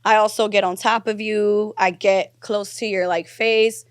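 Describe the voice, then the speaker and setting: A woman talking as a podcast guest, soft-spoken and a little shy, giggling often. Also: mid-range voice, fairly even intonation, unhurried, smooth, no room sound, clean studio sound. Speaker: guest masseuse. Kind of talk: casual podcast chat.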